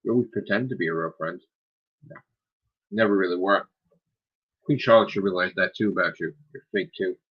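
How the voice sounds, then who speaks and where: A man's voice: deep voice, brisk, long pauses, breathy edge, muffled recording. A man hosting his own live stream, ranting in a heated, profane, scolding way. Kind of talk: angry live-stream rant.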